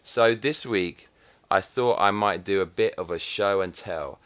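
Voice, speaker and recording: Very deep-voiced profane man from England. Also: measured pace. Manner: profane and sardonic, with swings in loudness. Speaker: vlogger. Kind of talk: casual comic monologue.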